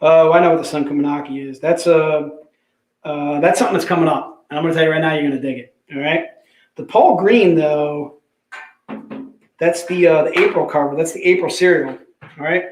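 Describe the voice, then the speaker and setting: A high-voiced man runs a casual livestream sale, talking fast and friendly to viewers. He keeps circling back to prices and item numbers with slangy asides. His voice bounces around an echoey room. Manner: chatty, repeats prices and book numbers, says "bad boy" and "dude". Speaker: livestream sales host. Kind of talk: casual livestream sales pitch.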